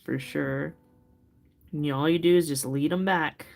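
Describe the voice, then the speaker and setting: A woman's voice: low-pitched, fairly even intonation, normal speed, gravelly, a little mellow. A middle-aged woman hosting a craft livestream, chatting casually with viewers, laughing often and telling loose stories full of fillers. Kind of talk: casual chat with live viewers. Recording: faint music behind.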